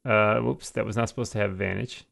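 A man's voice: on the low side, fairly even intonation, fast talker, vocal fry, a bit bright. A man playing a tabletop game, chatty, thinking aloud about rules and dice rolls. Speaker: player.

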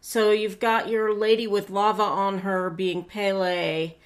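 Woman, podcast co-host, casual chat, blunt quick interjections. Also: medium pitch, level tone. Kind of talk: casual chat recapping TV shows.

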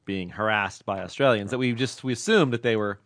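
A man hosting a podcast in casual, rambling chat, playful and quick to laugh. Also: fairly low pitch, a bit bright, dry recording. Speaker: podcast host.

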